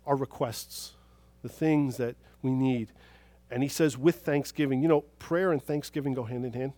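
A man preaching a sermon as pastor, telling stories and moving from soft, hushed moments to loud, emphatic praise. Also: mid-range voice, moderate pace, few pauses, no room sound.

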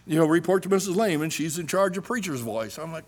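A middle-aged man preaching a sermon, animated, swinging between loud emphasis and hushed asides. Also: on the high side, fast, hardly any pauses.

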